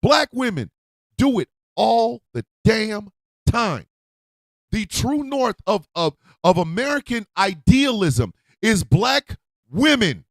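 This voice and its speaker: An older man hosting a morning radio show, ranting with passion, shouting and repeating himself, then falling quiet and subdued. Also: sits high, sing-song, takes it slowly, dry recording. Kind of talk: impassioned on-air rant. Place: radio studio.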